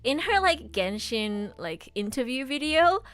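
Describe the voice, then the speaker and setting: A young woman streamer and voice actress chatting casually and gushing excitedly, laughing often. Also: high voice, a little slow. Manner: gushing, excitable fan talk with frequent laughs.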